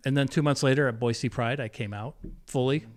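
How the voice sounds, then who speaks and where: Podcast guest, man in his fifties, mid-pitched voice, candid and emotional, halting delivery with frequent restarts. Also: steady tone. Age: 50s. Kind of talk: personal storytelling interview.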